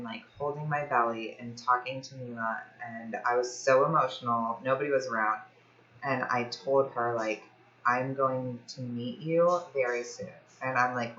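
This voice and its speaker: A young woman from Ohio chatting casually to camera, telling a personal story in a lively way, with lots of fillers. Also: very deep voice, echoey room, muffled recording. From Ohio, USA. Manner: chatty, animated, many fillers like "like". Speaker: fitness vlogger.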